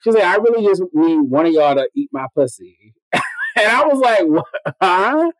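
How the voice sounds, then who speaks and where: A man telling a story on a casual podcast, profane and animated, acting out every quoted line of dialogue. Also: high voice, normal speed, no echo, rough recording.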